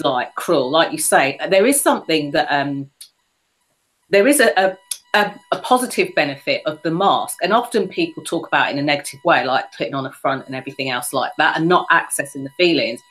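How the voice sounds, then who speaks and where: Female podcast host, slightly low pitch, reflective storyteller. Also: lively intonation, normal speed, fairly bright tone, poor audio. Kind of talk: conversational interview.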